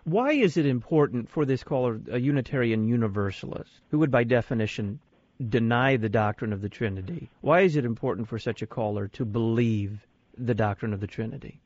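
A man hosting a radio talk show, putting listener questions to his guest and reading announcements in a crisp, deliberate broadcast manner. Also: medium pitch, expressive, darkish tone, no echo, highs cut off.

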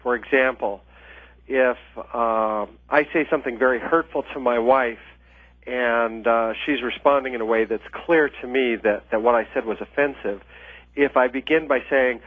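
A man's voice: mid-range voice, unhurried, no echo. Earnest male interview guest on a tinny phone line. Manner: earnest, explanatory, with frequent uh fillers. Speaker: author and ministry leadership trainer.

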